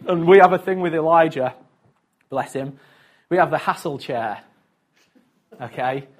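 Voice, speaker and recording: A man's voice: a little high, measured pace. A man preaching a casual, conversational sermon, chatty and self-mocking, with frequent asides to his listeners.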